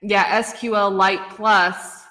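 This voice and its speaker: Slow-talking woman host in reverb. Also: mid-range voice, flat delivery, sharp tone. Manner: effusive, blunt, swears casually. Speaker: podcast host. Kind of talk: casual true-crime chat.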